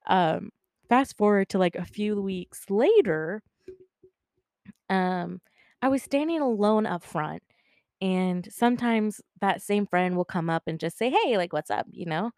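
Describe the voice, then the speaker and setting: A woman's voice: mid-range voice, expressive, a little slow, darkish tone, no echo, studio quality. A woman casually telling a personal story, chatty and full of fillers, swearing freely and acting out the dialogue. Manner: acts out dialogue in quotes.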